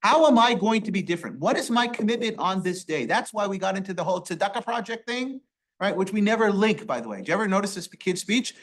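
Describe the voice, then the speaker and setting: A rabbi leading a Torah study class, asking rhetorical questions and quoting Hebrew verses. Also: male voice, sits high, lively intonation, fast, fairly bright tone. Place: synagogue classroom.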